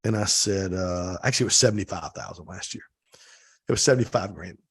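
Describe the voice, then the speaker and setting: A man's voice: low voice, fast, breathy edge. A middle-aged man, a podcast guest, telling stories in a casual interview and acting out the dialogue. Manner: animated storyteller, acts out quoted dialogue.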